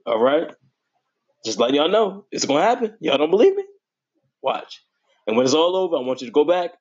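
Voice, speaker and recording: A young man talks sports in a loose, slangy way, his voice shooting up high whenever he gets worked up. His voice has a slightly husky edge. The recording sounds dull and lo-fi. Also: normal speed. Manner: animated, voice jumps high when excited; informal, slangy and playful. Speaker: sports podcast host. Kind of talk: casual sports talk.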